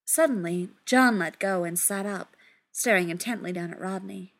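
A woman reading a story aloud in an unhurried, expressive way. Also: mid-range voice. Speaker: audiobook reader. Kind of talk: fan fiction reading.

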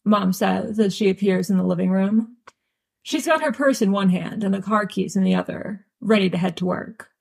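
A woman's voice: medium pitch, moderate pace, gravelly, a little mellow, husky. A woman reading a fan audiobook aloud with wry, dry storytelling. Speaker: audiobook reader.

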